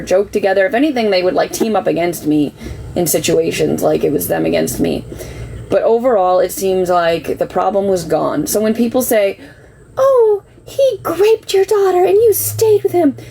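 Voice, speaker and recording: A woman's voice: lowish voice, gravelly, darkish tone, a little hiss or hum, poor audio. A middle-aged woman telling a personal story on a livestream, earnest and defensive, getting worked up as she talks. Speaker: livestream host. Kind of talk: emotional personal account.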